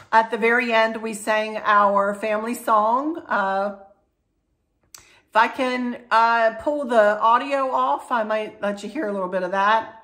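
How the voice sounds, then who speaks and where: Here a middle-aged female vlogger talks casually to camera, her voice on the high side and fairly bright. She addresses her viewers in an emotional, rambling way, with plenty of restarts.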